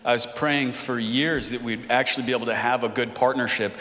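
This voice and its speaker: A man's voice: medium pitch, steady tone, a little fast, bright, forceful tone. A man who is a pastor, leading an earnest congregational prayer full of repeated phrases and fillers, then interpreting a guest preacher. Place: church sanctuary. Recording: reverberant church hall.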